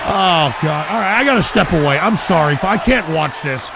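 A man hosting a live stream, ranting in a profane, exasperated way and shouting often. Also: a little high, expressive, moderate pace, gravelly, noisy background. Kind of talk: live-stream commentary rant. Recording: stream with loud music and crowd behind.

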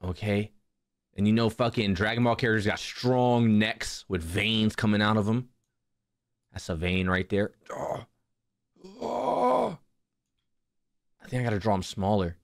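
A man's voice: on the low side, expressive, measured pace, gravelly, pauses often, no echo, clean studio sound. A young man hosting a casual drawing livestream, laughing, swearing and chatting with his viewers. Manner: laughing, swearing, talking to chat. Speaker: livestream host. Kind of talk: casual live-stream chat while drawing.

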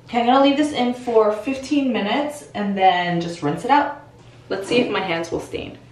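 A woman's voice: mid-range voice, moderate pace, darkish tone, far from the mic, a little hiss or hum. A young woman chatting casually in a vlog, bubbly and gushing with frequent exclamations. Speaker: vlogger. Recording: roomy, off-mic, music behind.

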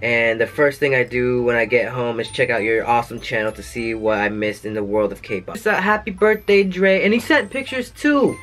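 A man's voice: medium pitch, steady tone, normal speed, hardly any pauses, a bit bright, soft background music. A YouTube host, a man, reading fan letters aloud and adding jokey asides between them.

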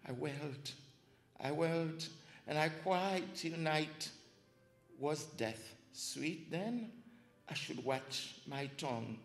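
Earnest male poet, unhurried reading, reverberant hall sound. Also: fairly high pitch, gravelly. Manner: slow, earnest recitation with pauses. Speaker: poetry reader. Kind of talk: poetry reading. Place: library event room.

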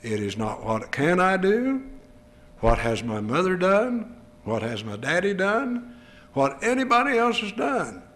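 A man's voice: high voice, huge pitch swings, unhurried, a bit bright. An older male preacher delivering an earnest, emphatic sermon full of rhetorical questions. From United States.

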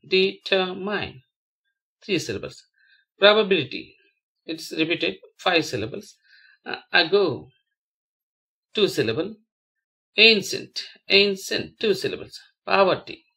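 A teacher narrating a slideshow lesson, saying each word twice and slowly drawing out its syllables, with frequent pauses and restarts. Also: medium pitch, creaky, bright, forceful tone. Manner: halting, with frequent fillers and restarts. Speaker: English teacher.

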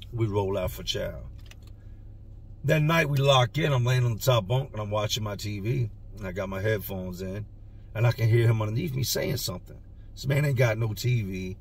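Man telling a story in a slangy, animated way, low voice, mic a bit far off. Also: a little hiss or hum. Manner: street slang, animated retelling with quoted dialogue. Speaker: storyteller recalling prison time. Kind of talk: casual storytelling vlog.

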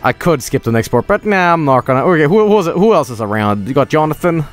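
A man's voice: a little high, sing-song, quick pace, faint music behind. A man streaming a video game, talking casually with lots of swearing and rambling asides. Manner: rambling, swears a lot, breaks into laughter. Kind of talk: casual live-stream commentary.

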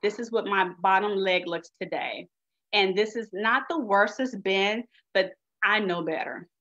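A woman's voice: mid-range voice, a little slow, bright, forceful tone. Chatty woman on a video call. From United States. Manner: chatty, folksy, addresses audience as y'all. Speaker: guest speaker sharing her experience. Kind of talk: webinar presentation. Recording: dull lo-fi video call audio.

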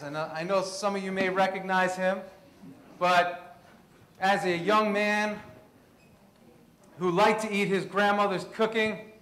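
Guy from queens, 30s, lively storyteller giving a talk, echoey room. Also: sits high. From Queens, New York. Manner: animated storyteller. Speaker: presenter. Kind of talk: storytelling presentation.

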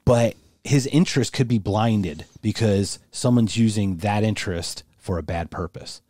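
A man's voice: on the low side, normal speed, mellow, dry recording, studio quality. A man co-hosting a podcast in casual conversation, thinking aloud with restarts and emphatic asides. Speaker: podcast co-host.

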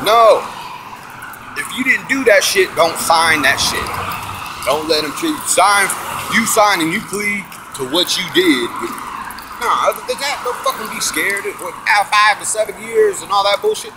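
A man's voice: high-pitched, normal speed, vocal fry, noisy background. A man casually telling a story about his own court case, swearing often, acting out what others said and preaching about faith. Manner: animated, profane, preachy, acts out quotes.

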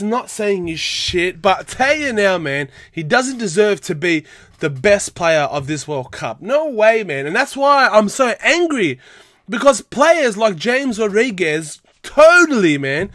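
Ranting young man, wildly animated pitch. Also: no room sound. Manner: heated, exasperated ranting with bursts of laughter. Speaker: YouTube football vlogger. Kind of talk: angry ranting vlog.

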